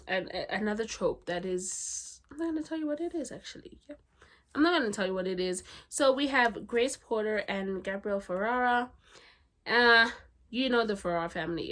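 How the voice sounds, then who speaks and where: A woman's voice: mid-range voice, fairly bright tone. A young woman from South Africa chatting about her favorite books, giggly and full of "like" and "legit". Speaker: book reviewer. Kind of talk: casual book review chat.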